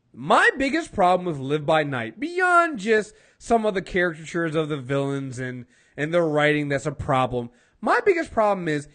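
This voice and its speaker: A man's voice: sits high, fairly bright tone. A man co-hosting a casual film review podcast, blunt and passionate, repeating words as he gets fired up, and he has been drinking.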